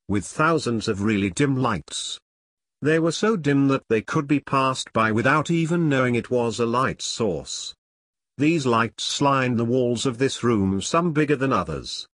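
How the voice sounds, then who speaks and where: A man reading a spooky story aloud as narrator, with slow, expressive storytelling. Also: mid-range voice, dry recording, studio quality.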